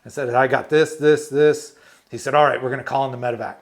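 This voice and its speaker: A fast-talking man with a medium-pitched voice, he once served as an army medic in the US and is now retired. In this storytelling interview he shares war tales with animation, frequent laughter and acted-out quotes.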